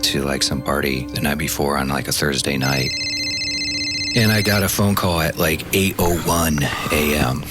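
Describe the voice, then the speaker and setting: A man's voice: rumbling low, steady tone, normal speed, loud music behind the voice. A man from the American Midwest telling his story candidly in an interview, animating it with quoted dialogue. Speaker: former intelligence officer guest.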